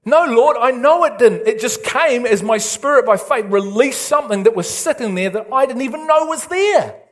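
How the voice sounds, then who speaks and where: A male pastor preaching an excitable, animated sermon with big swings in pitch. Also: moderate pace.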